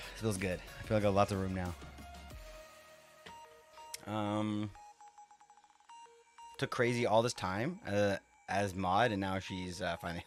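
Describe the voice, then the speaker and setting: A man chatting casually with his live-stream viewers while he builds in a game, rambling, laughing often and swearing freely. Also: fairly low pitch.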